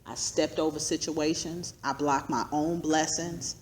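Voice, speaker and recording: A middle-aged woman giving an earnest personal testimony to a women's group, preacherly and quick to laugh. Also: sits low, fairly even intonation, a little mellow, slight background noise. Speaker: guest speaker.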